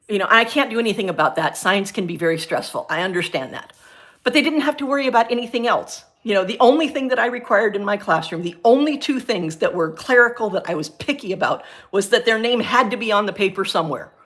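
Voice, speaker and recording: A middle-aged woman, a former science teacher, chatting on her livestream and telling a story from her school days in an animated, ranting way. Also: brisk. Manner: animated, ranting storyteller with big pitch jumps. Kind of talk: casual chat on a livestream.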